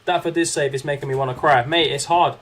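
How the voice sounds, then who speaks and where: This young streamer's voice is on the high side and a bit bright, with fairly even intonation, and he talks fast. He chats casually while commentating his own game, reacting to it and reading viewer chat aloud.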